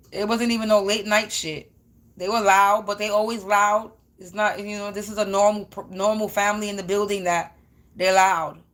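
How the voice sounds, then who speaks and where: A woman's voice: mid-range voice, fairly bright tone. A woman tarot reader chatting to her viewers in a blunt, slangy, rambling way, swearing freely. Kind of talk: casual rambling chat to viewers.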